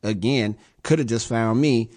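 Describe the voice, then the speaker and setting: A man's voice: mid-range voice, measured pace, a little mellow. A man in a radio studio talks through the news in a casual commentary style. His voice sits mid-range, and he breaks up the quotes he reads with wry, sarcastic jabs. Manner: sarcastic, wry asides between read-out quotes. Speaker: radio show host.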